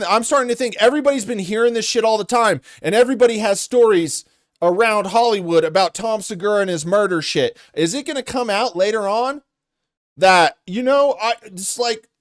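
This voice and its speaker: A young man rants through reaction commentary, exasperated and swearing as he goes. His voice sits high for a man. The sound is dry and close, with no room around it. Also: dry recording. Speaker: commentary host.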